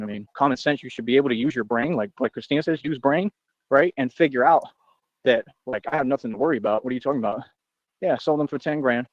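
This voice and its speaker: A man rattles off a brash, confrontational rant at a quick clip, bragging and jumping from one grievance to the next. His voice is close and dry with no room around it. The stream audio sounds dull and lo-fi. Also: medium pitch, no echo. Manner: boastful, confrontational, rambling. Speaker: livestreamer. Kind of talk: ranting monologue on a livestream.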